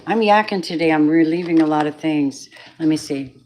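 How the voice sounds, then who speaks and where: A woman's voice: low-pitched, moderate pace, darkish tone. A woman giving a collective tarot reading in a rambling, candid way, swearing often and drifting into spiritual asides. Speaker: tarot reader.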